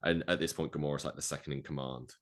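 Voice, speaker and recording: Very deep-voiced man chatting casually. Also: fairly even intonation, fast talker, fairly bright tone. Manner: rambling, filler-heavy, acts out quoted lines. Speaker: podcast co-host. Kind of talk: casual podcast chat pitching a movie plot.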